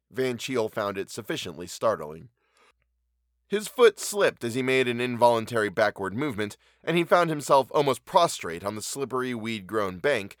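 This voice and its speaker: Low-voiced man with a wry, animated reading. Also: no echo, clean studio sound. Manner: measured, wry storytelling. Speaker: narrator. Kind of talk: audiobook reading of a classic short story.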